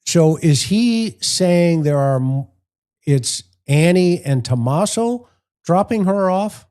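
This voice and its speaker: Mellow-voiced man breaking down clips. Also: fairly high pitch, expressive, slow pace, clean tone. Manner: explanatory, plain-spoken, breaks down clips point by point. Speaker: host analyzing press conference footage; former investigator. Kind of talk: commentary with acted-out anecdotes.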